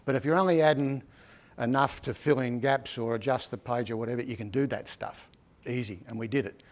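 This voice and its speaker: A man's voice: mid-range voice, brisk. Chatty Australian man telling stories. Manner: chatty, repeats "right?" often, rambling with restarts. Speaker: author giving a book talk. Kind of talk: casual storytelling presentation.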